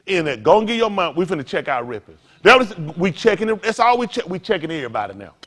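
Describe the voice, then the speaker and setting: Man, pastor, informal sermon, slangy, lively swooping pitch. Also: quick pace. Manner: animated, slangy, laughs through a funny story. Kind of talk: informal sermon teaching with storytelling.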